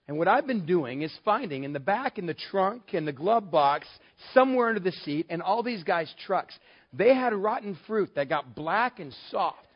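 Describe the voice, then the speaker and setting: A man from West Texas telling a personal story, lively and animated, acting out the voices in his dialogue. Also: high-pitched, moderate pace, breathy edge. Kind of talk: personal anecdote told to an audience. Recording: dull, lo-fi sound.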